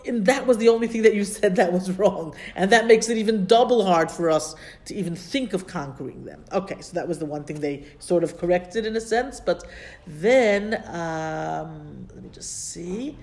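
A woman's voice: lowish voice, a little mellow. Woman teacher explaining a text. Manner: explanatory, translates Hebrew terms as she goes; pauses often to search her notes. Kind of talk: classroom Bible lesson.

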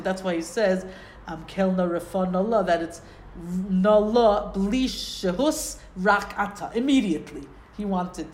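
A woman's voice: lowish voice, a little mellow, a little hiss or hum. A woman giving a Torah lesson, explaining Hebrew phrases and asking rhetorical questions. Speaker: Torah teacher. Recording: roomy echo.

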